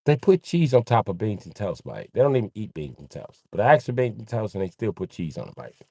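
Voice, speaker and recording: A man's voice: fairly low pitch, sing-song, fast, creaky, dark tone, husky, no echo, clean studio sound. A man rambling casually and joking on a livestream, swearing freely and laughing often.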